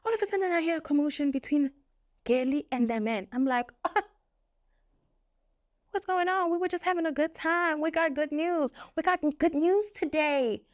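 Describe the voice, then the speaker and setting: A young woman telling a story on her vlog in a lively, laughing way, acting out what people said. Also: high-pitched, moderate pace. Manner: animated, laughing, acts out quotes. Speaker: vlogger. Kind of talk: casual story time.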